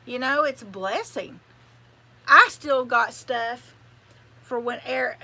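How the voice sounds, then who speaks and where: A woman's voice: on the high side, sharp tone. An older woman, chatting casually on a livestream in a rambling, folksy way. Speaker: channel host.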